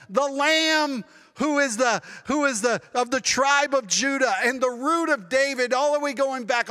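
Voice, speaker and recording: A man preaching a sermon as pastor, dramatic and expressive, now and then acting out the voices of people he quotes. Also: extremely high pitch, clear, resonant tone, big-room sound. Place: church sanctuary.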